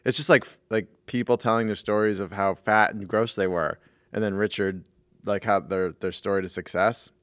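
A man co-hosting a podcast in casual chat, laughing often and breaking into loud impressions. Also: lowish voice, steady tone, normal speed, no room sound, clean studio sound. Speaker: podcast co-host.

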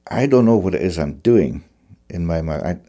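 Describing how he plays, a male fiddler talks things through thoughtfully, often hunting for the right word. He speaks at an ordinary pace in a low, dark voice with lively intonation.

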